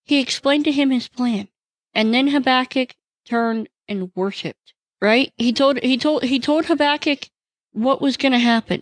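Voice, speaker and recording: A woman hosting a solo podcast, talking through a devotional topic in an animated storytelling way and acting out the people she quotes. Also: on the high side, normal speed, no echo. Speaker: podcast host.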